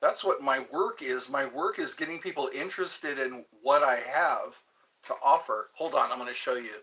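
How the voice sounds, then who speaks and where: A man's voice: medium pitch, normal speed, pushed and bright. A man hosting a casual livestream, rambling, reading out viewer questions and answering them while eating yogurt. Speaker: livestream host.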